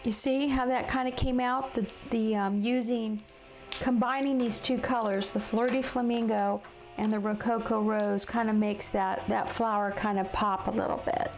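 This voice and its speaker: A woman hosting a casual live craft demonstration from her home craft room. She is chatty and halting, with many fillers and restarts, and she talks to viewers in the chat while she colors. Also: a little high, fairly even intonation, soft background music, poor audio. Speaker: crafting livestream host.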